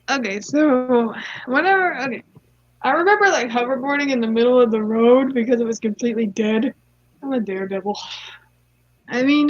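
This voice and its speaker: A woman's voice: a little high, fairly bright tone, no echo. A young woman casually reading online stories aloud, giggling and rambling off into side comments. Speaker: story reader. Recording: dull lo-fi dry mic.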